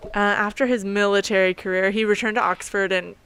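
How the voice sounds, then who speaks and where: A woman's voice: medium pitch, fairly even intonation, a little fast, a bit bright, smooth. A woman co-hosting a podcast in playful, teasing banter, laughing a lot, recorded on a table microphone inside an open bookstore. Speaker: podcast co-host. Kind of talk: casual banter.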